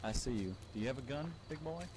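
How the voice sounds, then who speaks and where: A man's voice: medium pitch, expressive, fast talker, darkish tone, a little hiss or hum. A man chatting casually over in-game voice chat, laid-back and reassuring, often repeating himself. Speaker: fellow player in the game.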